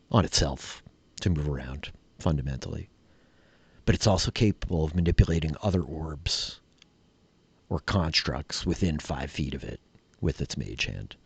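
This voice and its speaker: A man narrating a tabletop game as dungeon master, relaxed and rambling with many fillers. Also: extremely low pitch, slightly rough, no echo.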